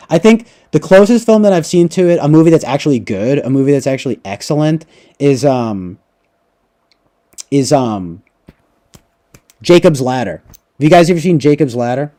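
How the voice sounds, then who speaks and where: A man's voice: medium pitch, expressive, normal speed, mellow. A man hosting a casual livestream, rambling and profane, tagging his thoughts with "like" and "right?". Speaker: livestream host. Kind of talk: casual livestream movie talk.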